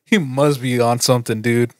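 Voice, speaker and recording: A man's voice: mid-range voice, steady tone, moderate pace, a little mellow, slight background noise. A man co-hosting a comedy podcast, reacting with short quips and laughs. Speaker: podcast co-host. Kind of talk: casual comedy podcast chat.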